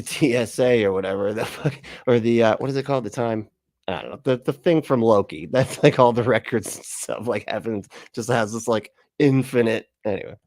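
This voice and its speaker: A man's voice: medium pitch, darkish tone, no echo, studio quality. A man giving mocking reaction commentary on a live stream, sarcastic and laughing, often swearing.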